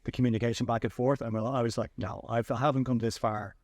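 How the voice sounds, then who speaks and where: An Irish man hosting a podcast, telling animated anecdotes in a casual chat with frequent restarts. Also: medium pitch, quick pace, no echo, clean studio sound. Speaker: podcast host and filmmaker.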